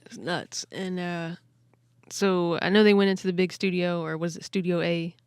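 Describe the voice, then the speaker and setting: A woman hosting a podcast, telling a story in casual chat, excitable and quick to laugh. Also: on the low side, clear, resonant tone, no room sound, clean studio sound. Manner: excitable, laughs often, many "like" fillers. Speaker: podcast host.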